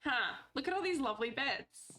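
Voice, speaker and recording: A woman's voice: high voice, expressive, moderate pace, pushed and bright, slight background noise. A woman streamer chatting playfully through her gameplay, talking to the characters on screen and swearing casually.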